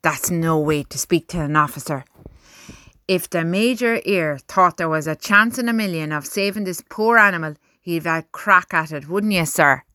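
A woman playing a gruff army sergeant. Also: fairly high pitch, moderate pace, sharp tone, no room sound, studio quality. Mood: firm. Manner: blunt, firm. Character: gruff male army sergeant, blunt and protective.

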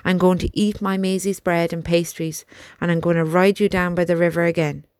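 A woman voicing a gentle young male soldier who talks softly and reassuringly to his horse, in an audiobook. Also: fairly low pitch, level tone, a little fast, no echo, close to an everyday voice. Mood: determined. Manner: soft, chatty, reassuring talk to a horse.

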